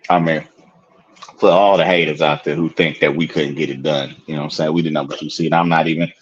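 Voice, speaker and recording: A man with a very low, husky voice talks in a loose, rambling way, full of fillers and asides. He is a podcast co-host in his thirties. The audio is dull and lo-fi, like a remote call. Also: steady tone, quick pace. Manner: laid-back, rambling with lots of fillers and "you know what I'm saying". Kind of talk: casual podcast chat. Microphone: video call.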